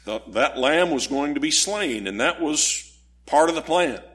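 A man preaching a sermon, slow and deliberate, lifting his voice on key words. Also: a little high, expressive, a bit bright, breathy edge.

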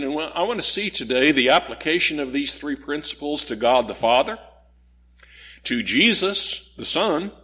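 Slow-speaking husky male preacher. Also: medium pitch, a bit bright. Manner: slow, deliberate delivery with emphatic rises on key words. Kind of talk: sermon.

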